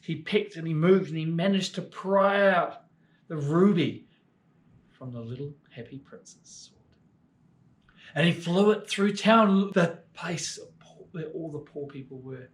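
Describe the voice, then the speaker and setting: Expressive New male storyteller. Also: fairly high pitch, measured pace. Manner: expressive, swings from lively to hushed. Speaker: children's ministry storyteller. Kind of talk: children's storytelling.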